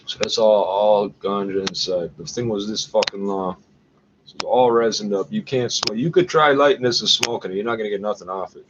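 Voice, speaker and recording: A man's voice: lowish voice, brisk, noisy background. Muttering man, lo-fi home recording. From Canada. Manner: rambling, profane, muttering asides ending in "eh?". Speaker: vlogger. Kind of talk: casual rambling monologue.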